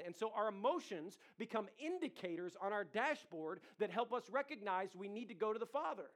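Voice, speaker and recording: A man in his thirties delivers a sermon with a notably high-pitched voice. He preaches in a conversational way, turning to the congregation with quick asides and questions. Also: lively intonation. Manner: conversational preaching with audience asides and acted quotes. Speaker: pastor.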